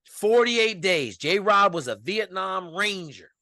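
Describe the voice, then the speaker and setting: A man from Washington state, a podcast guest telling a story in casual, animated, profane speech. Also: high voice, takes it slowly, no room sound, clean studio sound.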